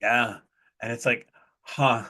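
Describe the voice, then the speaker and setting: A man's voice: medium pitch, fairly even intonation, takes it slowly, pushed and bright. A man hosting a podcast, talking in a conversational way with frequent fillers and laughs. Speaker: podcast host. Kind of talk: casual conversation.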